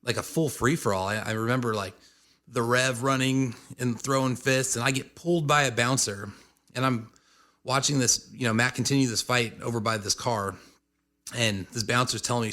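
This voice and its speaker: Band member man, bright forward voice, lively casual storyteller. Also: mid-range voice, moderate pace. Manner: lively, acts out quotes.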